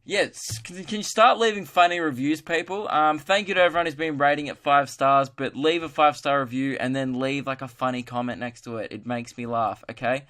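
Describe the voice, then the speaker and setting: A man's voice: medium pitch, steady tone, brisk, hardly any pauses, fairly bright tone. A young man hosting a solo podcast, chatting casually in a rambling, joking, self-mocking way. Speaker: podcast host.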